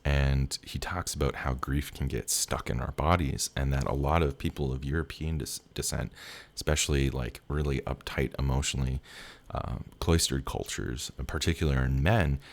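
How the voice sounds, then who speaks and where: A man's voice: rumbling low, steady tone, moderate pace. A young man casually telling a personal story as a tarot reader, rambling and candid, laughing often and swearing.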